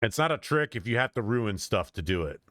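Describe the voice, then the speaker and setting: Man, streamer, casual reaction commentary, lively pitch, dry close sound. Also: a little fast, no room sound. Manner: chatty, laughs often while reacting.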